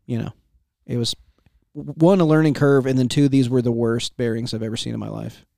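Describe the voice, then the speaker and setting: A man's voice: medium pitch, steady tone, a little fast, creaky, warm tone, no echo. Easygoing man, dry close sound. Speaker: shop owner and podcast host. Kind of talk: casual podcast chat.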